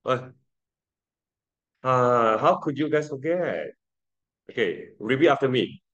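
Slow-talking male pronunciation teacher. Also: medium pitch, lively intonation, fairly bright tone, highs cut off. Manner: slow, patient drilling, repeating sounds for students. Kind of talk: classroom lesson.

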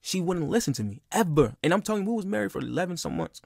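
Fast-talking, gravelly young man venting. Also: sits high, big pitch swings, a little mellow, no room sound, studio quality. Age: 20s. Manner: emphatic, profane, repeats himself. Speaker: podcast guest. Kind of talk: casual venting monologue.

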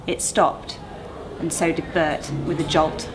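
Low-voiced woman reading a ghost story. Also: level tone, takes it slowly, music in the background. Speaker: school staff reader. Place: school. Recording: noisy recording.

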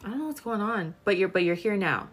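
A woman's voice: medium pitch, lively intonation, quick pace, slightly rough, faint music behind. A young woman in her twenties doing a casual live-stream tarot reading, chatty and full of filler words while she talks to viewers. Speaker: tarot reader.

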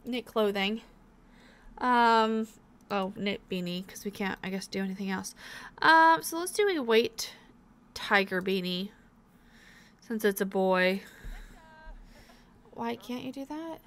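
A woman's voice: mid-range voice, expressive, slow, long pauses, a bit bright. A young woman hosting a let's play, giving casual gameplay commentary in a chatty, encouraging way as she thinks aloud.

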